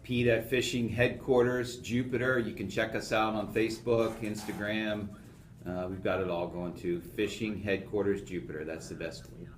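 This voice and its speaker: A man's voice: on the low side, steady tone, moderate pace, roomy sound, a little hiss or hum. A man hosting a fishing radio show, chatting in an easygoing way in the studio. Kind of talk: casual radio studio chat.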